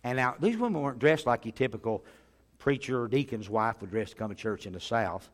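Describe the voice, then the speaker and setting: A middle-aged man preaching, telling funny stories in an animated way and often chuckling and clearing his throat. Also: medium pitch, fairly quick. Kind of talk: humorous sermon storytelling.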